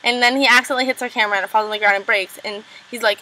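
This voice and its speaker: A young woman casually recapping a TV episode, full of "like" and "um", quickly acting out characters' lines. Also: fairly high pitch, steady tone, pushed and bright, slight background noise, rough recording. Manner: chatty, lots of "like" and "um", acts out lines in quick impressions. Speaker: recap vlogger.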